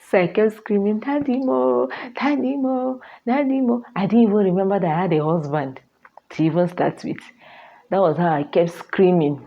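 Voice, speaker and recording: Husky gravelly Nigerian woman storyteller. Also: lowish voice, warm tone. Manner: earnest, emphatic, repeats phrases. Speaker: vlogger. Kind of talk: personal storytelling to camera. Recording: dull lo-fi sound.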